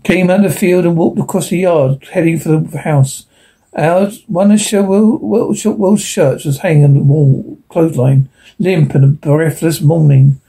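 A man narrating a science fiction story as an audiobook, steady, with occasional slips and restarts. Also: fairly high pitch, moderate pace, creaky, slightly rough.

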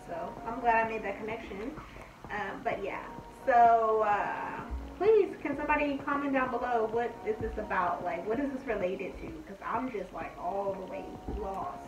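Woman, high voice, reaction vlog host, chatty, excitable, echoey room, music behind. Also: far from the mic, muffled recording. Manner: excitable and chatty, with many fillers. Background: music from the reacted video.

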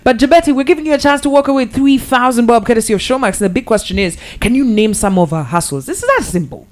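A woman's voice: fairly high pitch, lively intonation, fast. Lady radio host, chatty and probing, voice goes up and down a lot. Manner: chatty, probing, mixing English and Swahili. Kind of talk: casual radio interview. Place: radio studio.

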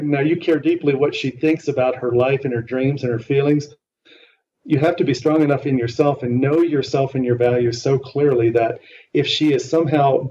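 A man's voice: mid-range voice, mellow. A man working as a relationship coach, talking earnestly and emphatically in a podcast interview. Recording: distant, muffled line with faint noise.

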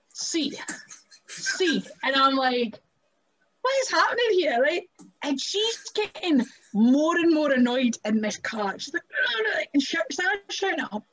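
A woman with a Scottish accent telling stories as a wrestler guest on a podcast, chatty and animated, often laughing and saying "like" and "right?". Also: high-pitched. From Scotland. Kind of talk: casual storytelling interview. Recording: muffled lo-fi audio.

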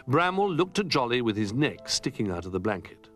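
Male storyteller, children's book, expressive, very lively intonation, soft music behind. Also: lowish voice, moderate pace, few pauses. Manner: expressive, animated.

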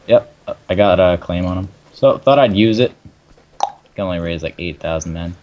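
A man's voice: low-pitched, normal speed. A young man, hosting a let's play in casual, joking chat, swearing and laughing often. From Canada. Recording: dull lo-fi mic.

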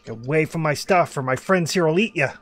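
A man putting on a shouting wild Australian hermit. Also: fairly high pitch, a little fast, lightly acted. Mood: yelling threats. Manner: shouting threats. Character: wild naked hermit man, hostile, paranoid.

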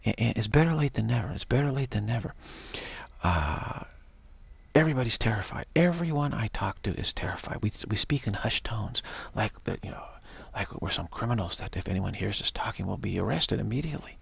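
A man giving a rambling, emphatic spiritual talk, often repeating himself. His voice is low, heavily gravelly and very husky. The sound is close and dry, with no room echo. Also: expressive, fairly quick. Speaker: spiritual teacher. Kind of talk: spiritual pep talk monologue.

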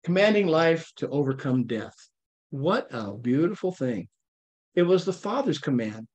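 A man teaching an informal Bible study, talking with his listeners in a lively, playful way and often checking in with them. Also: on the high side, moderate pace. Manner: conversational, checks in with frequent "okay?".

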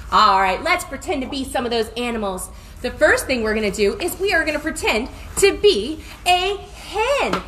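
A young woman leads a music and movement class for small children, reading a story and singing in a sing-song, playful, exaggerated way full of gasps. Her high voice sounds pushed and bright against slight background noise.

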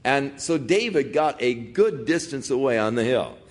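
A man's voice: mid-range voice, lively intonation, moderate pace. A man preaching an expository sermon in a conversational, folksy way. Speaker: pastor.

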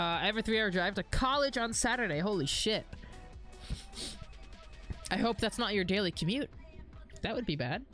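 A woman's voice: mid-range voice, a bit bright. A young woman live-streaming a driving game, chatting casually, swearing freely and answering chat messages.

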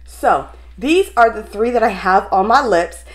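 A woman beauty vlogger talking straight to her viewers in a casual unboxing vlog, gushing and excitable. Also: medium pitch, measured pace.

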